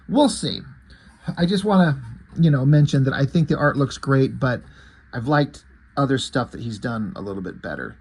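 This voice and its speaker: A man's voice: a little high, breathy edge. A man casually reviewing a comic book, rambling and correcting himself, with the odd swear word.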